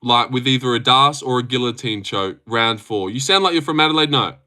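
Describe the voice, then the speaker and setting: With a fairly quick, bright, forceful mid-range voice, a young Australian man runs a casual livestream where he reads chat, rambles, swears, and laughs frequently.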